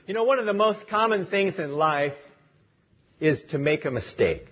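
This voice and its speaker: A man's voice: on the high side, lively intonation, moderate pace, breathy edge, lo-fi sound. A man preaching a sermon as pastor, leading a prayer and telling stories in an earnest, lightly humorous way.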